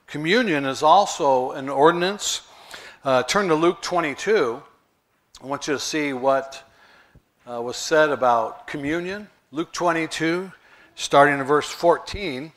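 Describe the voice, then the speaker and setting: Male pastor, friendly sermon delivery, tossing questions to the congregation, voice on the higher side. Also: a bit bright. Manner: conversational preaching with rhetorical questions.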